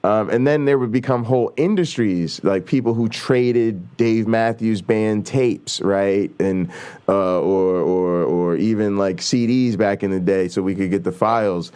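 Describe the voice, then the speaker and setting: A man's voice: lowish voice, unhurried, mellow, clear, resonant tone. A middle-aged man hosting a casual chat show, rambling and swearing, with many fillers. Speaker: host.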